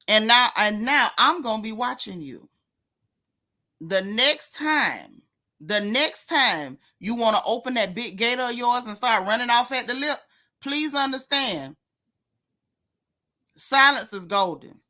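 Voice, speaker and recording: A woman's voice: on the high side, expressive, a little slow, sharp tone. A woman hosting a casual gossip livestream, sassy and mocking as she talks straight to her viewers. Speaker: host of a gossip channel.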